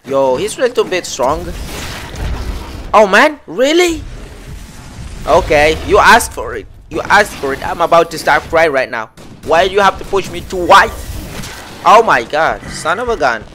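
A man giving excitable live gameplay commentary, talking to himself and his viewers with frequent exclamations. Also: a little high, measured pace, long pauses, soft background music. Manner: excitable, lots of exclamations and self-talk. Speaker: gameplay streamer.

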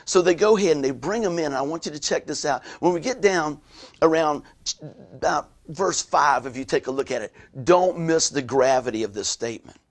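A man's voice: on the high side, brisk. A male pastor, preaching a conversational sermon with frequent asides to his listeners.

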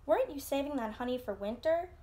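A woman's voice: high voice, lively intonation, fast, dark tone. A cheerful chirpy little bird, as a woman puts him on. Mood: eager.

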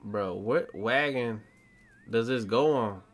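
A man's voice: mid-range voice, slow. A young adult man giving casual gaming commentary, slangy and talking back to the game's characters. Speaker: gaming streamer.

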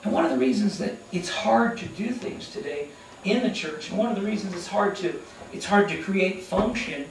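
High-pitched pastor guy preaching, lively, echoey room w faint hum. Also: recorded from a distance. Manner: animated, acts out characters in quick asides. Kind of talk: sermon. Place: church sanctuary.

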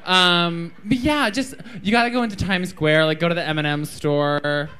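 A man, a drag queen answering fan questions at a live viewing party, giggly, excitable and silly. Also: a little high, moderate pace.

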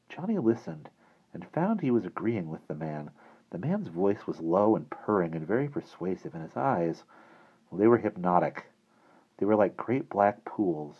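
A man with a husky voice narrating a children's novel in a lively storytelling manner. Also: low voice, moderate pace, dull audio. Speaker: audiobook reader.

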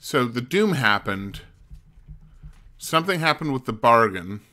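A man's voice: mid-range voice, very animated, measured pace, pushed and bright. A man streaming a mystery game, thinking aloud and muttering as he puzzles things out. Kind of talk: casual let's-play commentary.

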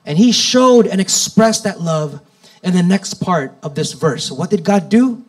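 Man, preacher, sermon, slightly high voice, dramatic rises and falls. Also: expressive, poor audio. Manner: slow, deliberate delivery with dramatic rises and drops.

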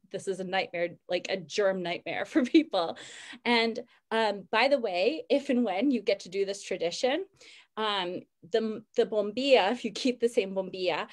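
A woman at a middle pitch walks listeners through a custom step by step, like a friendly teacher. Her delivery is upbeat and clear, with the odd filler and self-correction. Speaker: co-presenter teaching culture and Spanish vocabulary. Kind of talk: scripted explainer segment.

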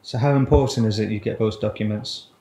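A man interviewing someone for a documentary, asking calm, direct questions. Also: lowish voice, a little fast. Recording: echoey room with faint noise.

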